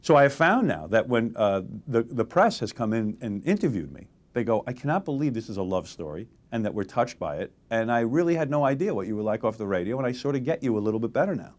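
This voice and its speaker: Fast-talking animated man telling stories. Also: mid-range voice. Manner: animated storytelling, acts out quotes. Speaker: radio host, interview guest. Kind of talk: candid interview talk.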